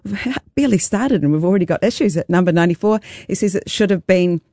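A woman's voice: fairly low pitch, animated, fast, mellow, no room sound, clean studio sound. A woman radio host, presenting and interviewing in a friendly, conversational way. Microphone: studio mic.

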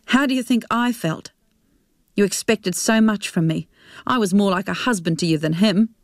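A woman's voice: medium pitch, normal speed, no echo, studio quality, natural voice. Woman reading as a bitter grown son. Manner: bitter, accusing. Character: resentful grown son, young man.

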